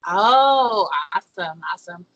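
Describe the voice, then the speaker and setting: Casting: woman radio host, Upper Midwest accent, bright tone, chatty and upbeat. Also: medium pitch, expressive, measured pace, lo-fi sound. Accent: Upper Midwest American. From Fargo, North Dakota area. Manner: chatty and upbeat, with filler words. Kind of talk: casual radio talk show.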